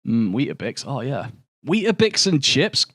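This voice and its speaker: A man's voice: mid-range voice, very animated, normal speed, a bit bright, breathy edge, no room sound, studio quality. Sweary young man streaming a game. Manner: sweary, joking banter. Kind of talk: casual gameplay commentary, chatting with viewers.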